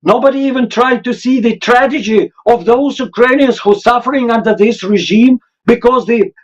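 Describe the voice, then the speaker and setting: A man's voice: very high-pitched, moderate pace, lo-fi sound. A man from Russia whose first language is Russian speaks emotionally and urgently in non-native English with a Russian accent, answering as an interview guest.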